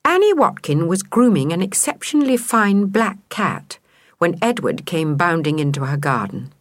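A woman narrating a children's storybook in an expressive, measured way. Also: fairly low pitch, no room sound, clean studio sound. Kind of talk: storybook reading.

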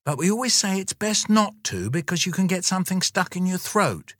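A man's voice: high voice, very animated, a little fast, fairly bright tone, dry recording, clean studio sound, voice pushed up, exaggerated voice. A man voicing a worried mother who speaks hurriedly, in a storybook reading. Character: anxious mother, eager to please.

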